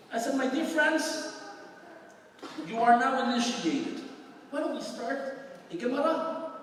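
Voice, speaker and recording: A man's voice: very high-pitched, a little hiss or hum. A man, a rabbi, giving a sermon full of stories, chanting short Talmud phrases before explaining them. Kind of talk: sermon with storytelling. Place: large hall at a memorial event. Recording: echoey hall from far off.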